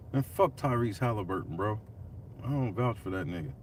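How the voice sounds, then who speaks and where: A man's voice: lowish voice, recorded from a distance, slight background noise. A man, a father, ranting casually and profanely while vlogging from his car.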